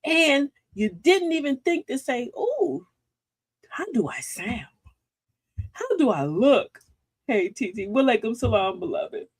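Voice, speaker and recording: A woman's voice: high voice, big pitch swings, unhurried, breathy edge, no echo. A middle-aged woman hosting a casual livestream talk, folksy and sassy, preaching advice and laughing often. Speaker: livestream host.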